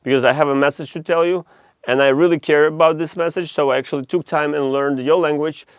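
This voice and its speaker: A man with a Russian accent rants to camera in a blunt, heated, profane vlog monologue. His voice sits a little high for a man. The sound is dry and close, with almost no room around it. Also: steady tone, quick pace, clear, resonant tone, no room sound. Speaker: vlogger.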